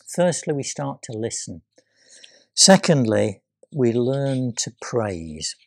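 A man preaching a sermon, retelling scripture with dramatic pauses and hushed quoted voices. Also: medium pitch, big pitch swings, vocal fry, dry recording, studio quality.

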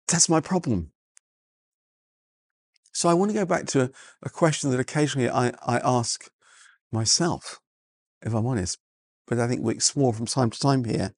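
A man's voice: medium pitch, normal speed, pauses often, dry recording, studio quality. A man preaching a sermon in an earnest way, often repeating words and restarting his sentences. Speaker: pastor.

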